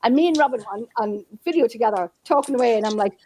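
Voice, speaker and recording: A woman's voice: fairly high pitch, rapid-fire, mellow, slight background noise. A woman quiz player, chatty, telling a story casually and laughing as she talks. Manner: chatty, laughs while talking.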